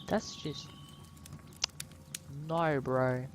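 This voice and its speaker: Woman, let's play commentator; deep, unhurried, playful musing. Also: very animated, darkish tone, slight background noise. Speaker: gamer.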